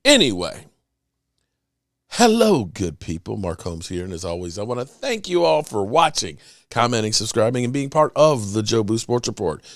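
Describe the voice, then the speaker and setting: A middle-aged man hosting a casual sports talk show on a desk mic, rambling and chatty, giving shout-outs to viewers. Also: on the low side, big pitch swings, normal speed, no echo, clean studio sound. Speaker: podcast host. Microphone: desk microphone.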